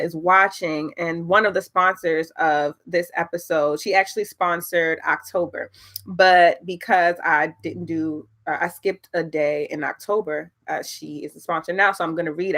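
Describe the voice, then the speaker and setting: A young woman hosting her podcast on a livestream, chatting in an excitable, slangy way that is close to tears of joy. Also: on the low side. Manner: excitable, laughing, emotional, slangy. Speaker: podcast host. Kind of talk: casual livestream chat.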